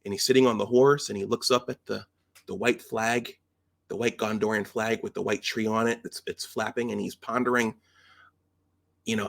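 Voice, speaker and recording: Man, casual film recap, conversational, gravelly, low-pitched. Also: steady tone, normal speed, long pauses, fairly bright tone. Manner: conversational, with frequent restarts and rhetorical checks. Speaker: film commentator. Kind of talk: casual retelling of film scenes.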